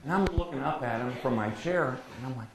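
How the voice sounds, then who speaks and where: A man in his sixties who grew up in Detroit, a sportscaster speaking as guest, telling lively anecdotes and acting out quotes with frequent laughter. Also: mid-range voice, brisk. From Detroit, USA. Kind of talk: anecdotal storytelling talk. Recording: very echoey room, faint background noise.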